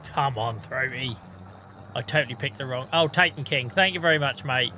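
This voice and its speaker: Bright-voiced man rambling on stream. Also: medium pitch, normal speed, slight background noise. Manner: rambling, self-deprecating, swears casually. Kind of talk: casual gaming stream chat.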